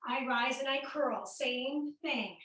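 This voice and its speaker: High-voiced Midwestern woman coaching a workout. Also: slow pace, fairly bright tone, very echoey, far from the mic, rough recording. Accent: American Midwestern. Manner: upbeat, cueing moves while exercising. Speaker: fitness instructor. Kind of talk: coaching a home workout class.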